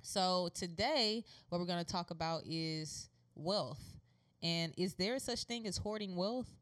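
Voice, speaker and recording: A chatty American woman hosting a relaxed conversation with a slightly low voice. She teases her co-host and laughs easily between points. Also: unhurried. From United States. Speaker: podcast co-host. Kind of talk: casual chat.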